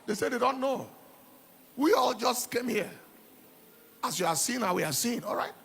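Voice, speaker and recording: A man's voice: extremely high pitch, animated, moderate pace, creaky, fairly bright tone, breathy edge. A middle-aged man preaching a sermon, telling personal stories with emphatic repetition and laughter. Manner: emphatic, repeats words and phrases. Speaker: pastor.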